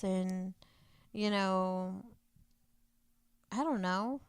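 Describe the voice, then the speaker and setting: Young female podcast co-host, slightly high, vocal fry, smooth tone, candid and frank, dry sound. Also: fairly quick, fairly bright tone, no room sound. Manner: candid, frank, self-deprecating. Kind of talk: casual chat.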